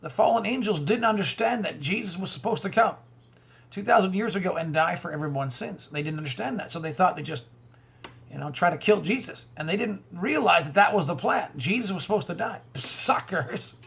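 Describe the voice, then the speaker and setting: A man's voice: high-pitched, animated, fairly quick, vocal fry, a bit bright, breathy edge. A man hosting his own video, delivering a rambling commentary monologue full of rhetorical questions, repeated words and chuckles. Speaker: online video host. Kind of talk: conspiracy and religious commentary monologue.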